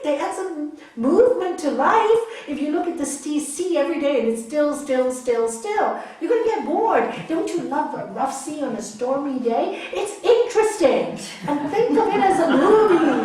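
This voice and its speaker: A woman's voice: sits high, a little mellow. A woman yoga teacher giving an emphatic spiritual talk, repeating phrases and checking in with her listeners. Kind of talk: spiritual talk answering audience questions. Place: large hall. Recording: echoey hall, mic far off.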